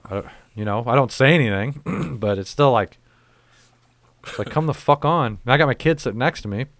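Brisk and creaky at medium pitch, a middle-aged man hosts a casual podcast, telling stories in a rambling, exasperated way and cursing heavily. The recording is dry and his delivery animated.

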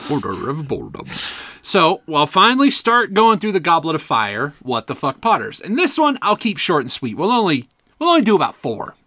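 A man co-hosting a podcast, telling stories in animated, casual, profane banter. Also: high voice, moderate pace, dry recording, clean studio sound. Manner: animated storyteller, swearing, laughing often. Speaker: podcast co-host.

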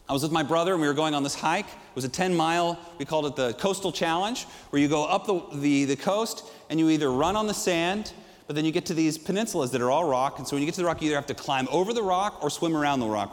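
Animated preacher man in a big hall. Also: a little high. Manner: energetic storytelling preacher, swings from loud to hushed. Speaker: pastor. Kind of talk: sermon.

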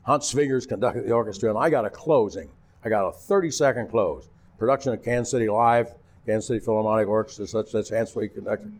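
An older man, a retired TV announcer, telling lively anecdotes in a casual interview and acting out the voices of the people in them. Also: lowish voice, quick pace. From Missouri.

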